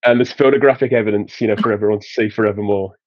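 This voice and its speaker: Husky Yorkshire man telling stories. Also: on the low side, steady tone, very fast, no echo, lo-fi sound. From England, Sheffield. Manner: chatty, laughs through his anecdotes, many restarts. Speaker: podcast guest. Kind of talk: casual storytelling.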